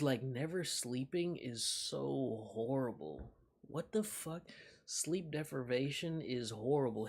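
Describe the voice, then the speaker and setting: A young man streaming live, chatting loosely with his viewers, swearing and laughing as he reacts. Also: mid-range voice. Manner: loose, profane, reacting aloud with frequent laughs. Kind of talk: casual live-stream chat.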